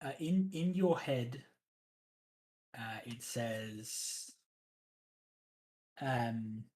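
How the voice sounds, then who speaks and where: Slow, hesitant game master. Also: mid-range voice, lively intonation, darkish tone, low-quality recording. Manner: hesitant, many ums, counts aloud. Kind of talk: running a one-on-one tabletop game.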